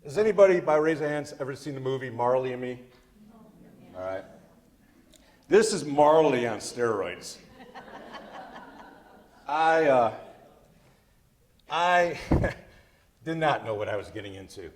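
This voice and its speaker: Animated folksy male storyteller. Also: medium pitch, unhurried, pauses often. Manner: animated, self-deprecating, folksy. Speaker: storyteller speaker. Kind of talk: comic storytelling presentation.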